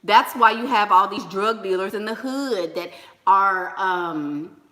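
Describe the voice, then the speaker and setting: A young woman hosting a casual livestream, lecturing with emphatic repetition and shouting greetings to donors. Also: medium pitch, slow. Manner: preachy, repeats points for emphasis. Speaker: livestream host. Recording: roomy with long reverb.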